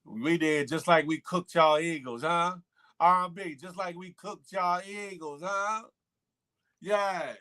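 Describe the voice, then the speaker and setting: A man with a high, sharp voice speaks slowly as he hosts a laid-back morning livestream. He answers his live chat and repeats himself to drive points home.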